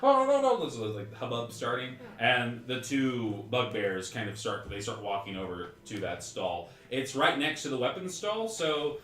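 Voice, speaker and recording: A man's voice: mid-range voice, expressive, measured pace, hardly any pauses, a bit bright. A man narrating as game master in a tabletop game, rambling with laughing asides. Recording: echoey room, mic far off.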